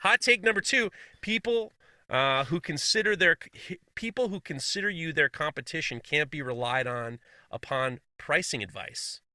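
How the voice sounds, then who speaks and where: A man's voice: on the high side, normal speed, pushed and bright, dry recording, clean studio sound. A man co-hosting a casual podcast, reading listener messages aloud with frequent laughs and blunt, swearing asides.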